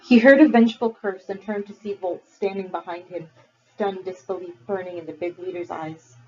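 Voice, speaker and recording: A woman teacher reading a novel aloud to her class, measured and expressive. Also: fairly low pitch. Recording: dull lo-fi recording.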